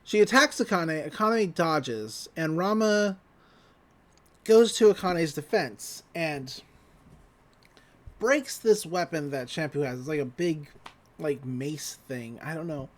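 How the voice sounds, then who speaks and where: A man co-hosting a podcast, recapping an episode in casual chat, laughing often and quoting characters in quick voices. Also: fairly high pitch, lively intonation. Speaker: podcast co-host.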